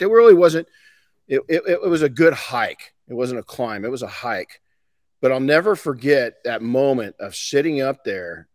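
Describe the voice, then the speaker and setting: A man's voice: medium pitch, no echo. A middle-aged man hosting a podcast, talking casually and folksily with frequent restarts. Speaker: podcast host. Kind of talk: casual motivational talk.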